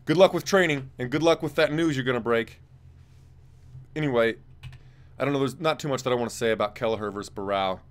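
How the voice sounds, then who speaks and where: Guy rambling through fight picks, blunt, swears a lot, mid-pitched voice. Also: quick pace, long pauses. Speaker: co-host rating fights. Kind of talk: casual chat.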